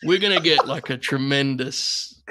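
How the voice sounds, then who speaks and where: A man co-hosting a podcast in relaxed, joking casual chat. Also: medium pitch, normal speed, background noise. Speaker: podcast co-host.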